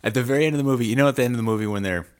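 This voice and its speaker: A man's voice: medium pitch, very fast, clean tone. A man co-hosting a crude, casual chat show, joking and swearing freely. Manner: joking, swears freely, puts on silly voices. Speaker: podcast co-host.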